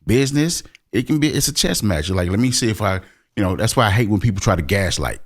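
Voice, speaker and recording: Emphatic, low-voiced man telling stories. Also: fast talker. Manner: emphatic, expressive storyteller. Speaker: podcast co-host. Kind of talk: casual chat.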